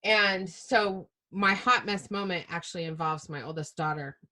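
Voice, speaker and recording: A middle-aged woman from Utah, a preacher and podcast guest, telling candid, self-mocking stories in an animated way with frequent laughter. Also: fairly low pitch, moderate pace. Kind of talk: candid storytelling chat.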